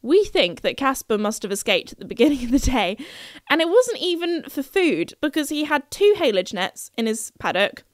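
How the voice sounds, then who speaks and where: A woman's voice: high-pitched, big pitch swings, moderate pace, no room sound, clean studio sound. A young woman hosting a podcast, telling a story in a chatty, playful way and laughing at herself. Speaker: podcast host.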